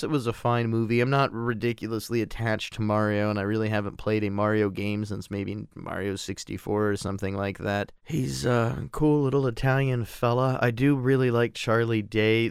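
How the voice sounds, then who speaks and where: Male podcast host, lowish register, very clean resonant voice; loose, profane, self-deprecating delivery. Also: smooth, no room sound, studio quality. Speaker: podcast host reviewing films. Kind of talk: casual solo podcast talk.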